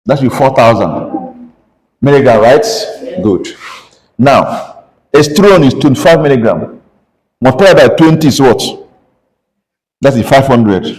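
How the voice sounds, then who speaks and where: In a classroom lecture, a pharmacy lecturer with a Nigerian English accent teaches calculations, drilling students with constant call-and-response questions. His medium-pitched, darkish voice is animated but a little slow, with frequent pauses, and the recording is rough.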